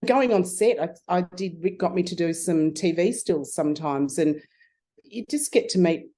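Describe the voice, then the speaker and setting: Aussie woman middle-aged, chatty animated storyteller, lowish mellow voice. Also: normal speed. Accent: Australian. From Australia. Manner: lively, animated anecdote telling with frequent restarts. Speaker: guest, photography consultant. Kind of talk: casual storytelling interview.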